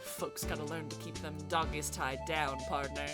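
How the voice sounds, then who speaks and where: A woman voicing a Wild West cowboy detective man with a put-on Southern US drawl, slow and folksy. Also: sits low, steady tone, voice pushed down, close to an everyday voice. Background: loud game music.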